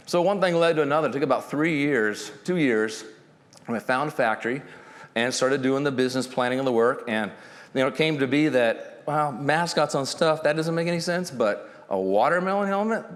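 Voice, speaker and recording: A man of middle pitch tells a lively story from a conference stage, acting out what people said and laughing as he goes. His voice carries a long hall reverb. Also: brisk. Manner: animated, acts out quotes, laughs often, loose and joking. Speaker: company founder telling his story on stage. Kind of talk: storytelling talk at a summit.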